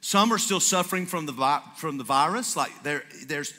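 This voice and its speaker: A pastor preaches a sermon to his congregation in a church sanctuary, telling stories and acting out the characters' dialogue with lively, animated energy. His voice sits a little high and moves at a moderate pace. Picked up on a stage microphone, the sound echoes through the reverberant church hall.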